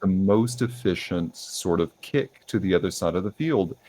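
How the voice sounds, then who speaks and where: A young man hosting a podcast, asking questions in a relaxed way with many ums and uhs. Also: low voice, normal speed. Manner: relaxed, lots of fillers like um and uh. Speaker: podcast host. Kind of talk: casual interview questions.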